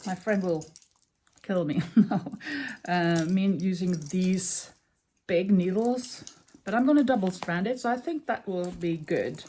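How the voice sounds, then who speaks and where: A Norwegian woman in her fifties, a native speaker from Norway, chats casually in a crochet vlog while she works. Her voice is fairly low and mellow with a measured pace, and she thinks aloud and corrects herself as she goes. Slight background noise is audible.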